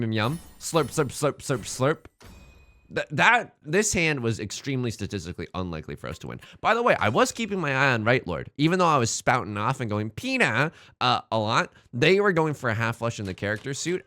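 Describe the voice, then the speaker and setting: A young man giving casual, joking commentary over his own gameplay, slipping in quick impressions. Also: mid-range voice, pushed and bright. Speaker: let's play streamer. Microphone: headset mic.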